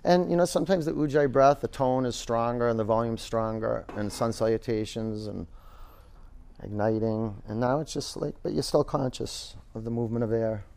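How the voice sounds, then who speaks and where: A male yoga teacher leads a studio class, cueing poses in a relaxed, loose manner full of fillers. His voice is gravelly with some creak, medium in pitch, and he moves at a moderate pace.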